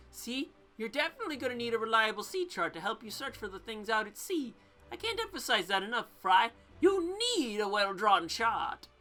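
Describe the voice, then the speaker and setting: A woman's voice: medium pitch, sharp tone, voice pushed up. A woman voicing a pushy, condescending male talking fish in a video game, reading his lines aloud. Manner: bossy, heckling, condescending.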